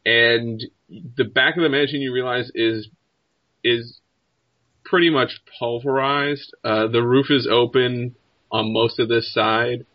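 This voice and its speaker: A man's voice: mid-range voice, fairly even intonation, slow, no echo. Man narrating as game master, lo-fi. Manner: loose, descriptive narration with restarts. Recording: slightly dull lo-fi recording.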